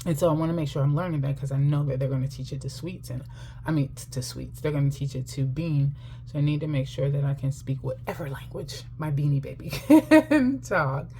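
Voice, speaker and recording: A woman's voice: a bass voice, steady tone, quick pace, mellow, a little hiss or hum. A middle-aged woman telling a personal story while chatting casually to camera about her finances, laughing often.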